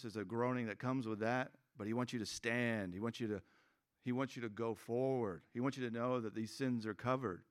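A man's voice: medium pitch, fairly bright tone. A man preaching a sermon as pastor, conversational and joking, acting out quoted voices.

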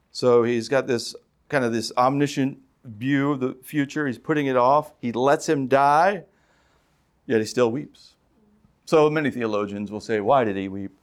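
A man preaching a sermon in a conversational way, asking his listeners rhetorical questions and rising loudly on emphatic points. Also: mid-range voice. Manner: conversational, with fillers and restarts. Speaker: pastor.

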